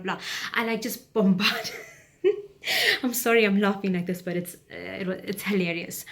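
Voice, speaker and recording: A woman, telling a personal story on her vlog in a chatty, rambling, frank way. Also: mid-range voice. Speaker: vlogger.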